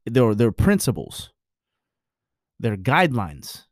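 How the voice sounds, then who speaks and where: A man's voice: mid-range voice, wildly swooping pitch, slow, no room sound, clean studio sound. A married man giving his views in a blunt, preachy, profane casual monologue.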